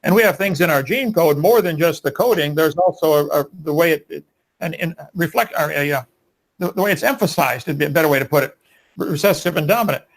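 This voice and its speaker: A man's voice: on the high side, brisk. A man making emphatic, preachy arguments in a live debate.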